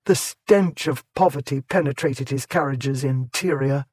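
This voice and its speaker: A man narrating an audiobook in a measured, clear way. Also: mid-range voice, darkish tone, dry recording. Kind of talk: scripted narration.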